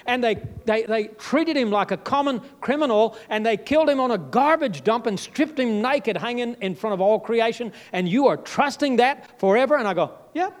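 A man delivering a sermon in a fairly high voice. He preaches with emphatic swings, leaping up in pitch and then dropping almost to a murmur. His delivery is dramatic and direct. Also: expressive, moderate pace, few pauses. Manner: emphatic, with sudden jumps and drops in pitch and loudness.

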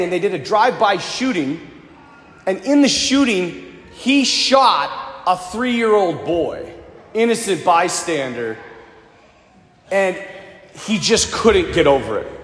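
A man, a priest, giving a sermon as an animated storyteller who acts out the people in his story. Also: sits high, a little hiss or hum. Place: large reverberant church. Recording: echoey church hall, faint ambience.

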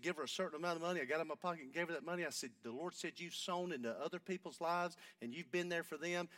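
A man, preaching a sermon and telling a story, going from hushed talk up to shouting. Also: a little high, far from the mic.

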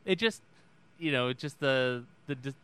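Clear, bright-voiced man in halting chat. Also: medium pitch. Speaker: podcast co-host. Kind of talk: casual chat.

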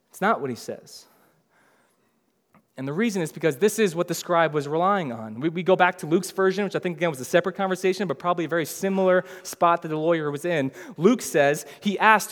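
A pastor preaching a sermon in a casual, conversational way, acting out the lines of biblical figures in lively voices. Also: male voice, high-pitched, moderate pace, in a large hall.

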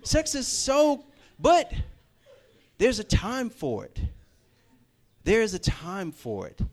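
Animated man preaching with lively pitch. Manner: animated, emphatic, repeats points for stress. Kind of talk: sermon.

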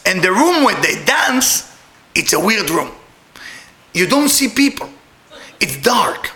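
A middle-aged man telling a personal story in broken English, animated and laughing often. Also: very high-pitched, echoey room.

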